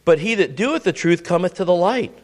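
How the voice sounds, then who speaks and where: A middle-aged man preaching a sermon, keeps prompting listeners with "listen" and "ready?", swinging dramatically between booming lines and hushed asides. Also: animated, a little fast.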